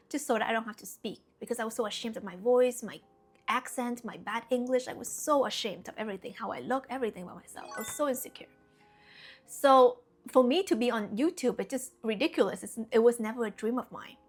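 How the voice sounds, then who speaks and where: A woman spiritual coach speaks to camera in a casual, earnest way, peppering her talk with little check-ins to the listener. Her voice sits a bit on the high side. Soft music plays faintly underneath. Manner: chatty, earnest, full of "you know" and "okay?".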